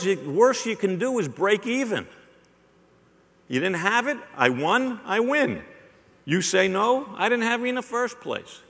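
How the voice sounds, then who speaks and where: Man, live sales keynote, joking, punchy repeats, gravelly, echoing hall. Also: high-pitched, fairly bright tone. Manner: joking, audience-teasing, punchy repetition. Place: large hall on stage. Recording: long hall reverb.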